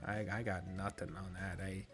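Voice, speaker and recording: A man's voice: flat delivery, normal speed, over music. A man streaming a strategy game, rambling in casual commentary, swearing freely and joking at his own expense. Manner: lowers voice at times so a roommate's call isn't disturbed.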